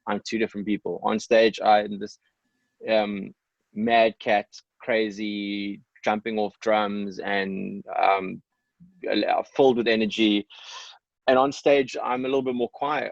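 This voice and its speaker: A man's voice: on the low side, level tone, a little slow, creaky, dry recording. A South African man, a musician guest on a podcast, talking candidly and reflectively with many ums and restarts. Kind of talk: candid podcast interview talk. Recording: dull, dry sound.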